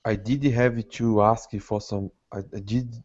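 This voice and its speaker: A man learning English in an online class, his voice on the low side. He hesitates and restarts as he answers. The call audio sounds dull. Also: steady tone, a little slow, darkish tone.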